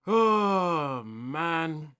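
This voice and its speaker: A young man hosting a live football watchalong, ranting casually to his chat and swinging between loud outbursts and low muttering. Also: expressive, extremely slow, clear, resonant tone. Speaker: livestream football watchalong host.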